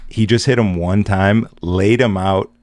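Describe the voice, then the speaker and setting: Podcast host, male, very low voice, laid-back and swearing, dry room. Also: fairly even intonation, measured pace, a little mellow, dry recording. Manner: laid-back, profane storytelling. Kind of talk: casual chat.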